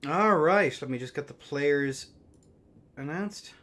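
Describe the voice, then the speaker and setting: A young man hosting a game tournament stream, rambling and swearing between bursts of excited play-by-play commentary. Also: fairly high pitch, slow pace. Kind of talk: casual livestream game commentary.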